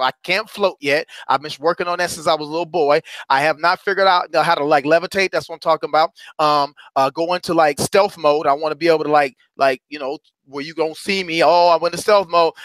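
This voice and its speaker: A man gives a motivational talk as a courage coach, leaning on repetition like a preacher. His voice sits high and sounds bright and forward. The recording is close and dry. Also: fast, few pauses, no room sound. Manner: preacherly, addresses listeners as brothers and sisters; emphatic, repeats phrases for effect.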